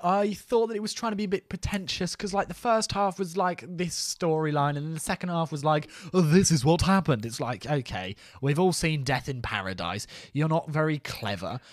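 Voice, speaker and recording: Slightly high-voiced and speaking at normal speed with few pauses, this young podcast co-host is goofy and giggly, trading silly banter that trails off into wandering puns. The recording is studio quality, with no echo.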